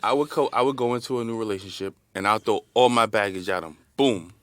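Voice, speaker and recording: A man's voice: fairly low pitch, fast talker, no room sound. A man on a podcast in casual chat, candidly telling a story about his own dating life.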